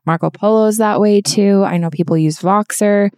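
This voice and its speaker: A woman's voice: medium pitch, fairly even intonation, moderate pace, a little mellow, no echo, clean studio sound. A woman co-hosting a podcast, talking earnestly and encouragingly through examples in casual conversation. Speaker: podcast co-host.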